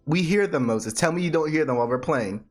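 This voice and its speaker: A man's voice: a little high, expressive, quick pace, soft background music. A young man steering a casual chat with prodding questions. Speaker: podcast co-host.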